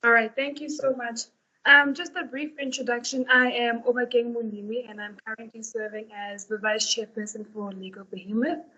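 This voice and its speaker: A young woman, vice chair of a student society, giving a polite formal vote of thanks over a video call. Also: fairly high pitch. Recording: dull lo-fi call audio.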